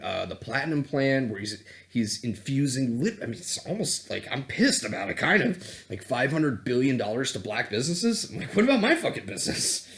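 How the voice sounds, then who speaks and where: A man's voice: mid-range voice, a bit bright. A man on a vlog, ranting heatedly and sarcastically, with plenty of swearing. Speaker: self-help vlogger and coach. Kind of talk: unscripted profane political rant.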